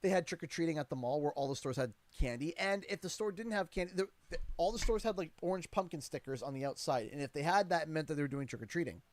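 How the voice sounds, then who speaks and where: A man's voice: a little high, fast talker. A Canadian man in his thirties, a father and streamer, telling a story in a casual livestream, rambling with many restarts and growing exasperated.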